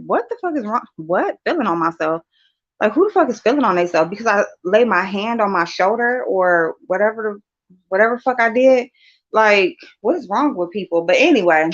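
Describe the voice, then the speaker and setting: A woman's voice: medium pitch, a bit bright. A woman hosting a casual livestream, talking bluntly and profanely straight to her chat. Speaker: livestream host. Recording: dull lo-fi livestream audio.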